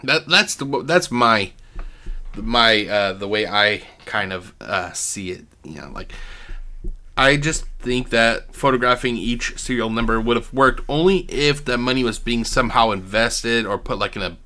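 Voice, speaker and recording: Man, bright tone, casual rambling commentary, swears freely. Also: mid-range voice, animated, a little slow. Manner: rambling, profane, thinking aloud. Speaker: host.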